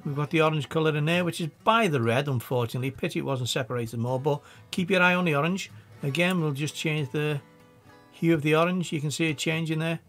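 A man with a Scouse accent giving a casual, chatty software tutorial, thinking aloud as he works. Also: on the high side. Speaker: video editing tutor.

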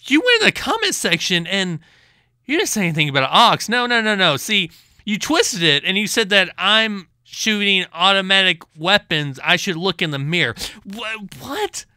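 A man's voice: sits high, big pitch swings, normal speed, sharp tone, smooth, dry recording, studio quality. A man hosting a commentary vlog, ranting in an exasperated, sarcastic way with lots of stammering restarts. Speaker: channel host.

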